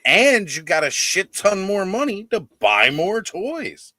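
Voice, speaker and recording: Lively bright-voiced male stream host. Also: high voice, takes it slowly, no room sound. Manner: animated storyteller, laughs while telling. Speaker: host of a toy-collecting live stream. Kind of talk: casual group chat. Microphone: video call.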